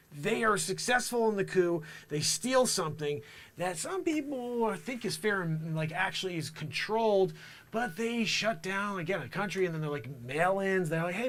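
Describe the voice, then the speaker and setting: A man's voice: sits high, pushed and bright. A man improvising a comedic monologue as a self-styled time traveler, rambling with conspiratorial asides. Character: self-proclaimed man from the future, boastful.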